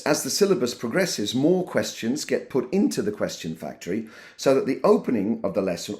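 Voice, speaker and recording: A middle-aged man, a teacher trainer, giving an instructional talk to teachers and acting out classroom phrases in animated voices. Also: mid-range voice.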